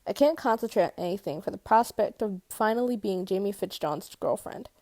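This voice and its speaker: A woman's voice: mid-range voice, expressive, fairly quick, warm tone, no echo. A woman reading a first-person novel aloud in a casual way, correcting her slips and swearing at them. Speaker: audiobook reader.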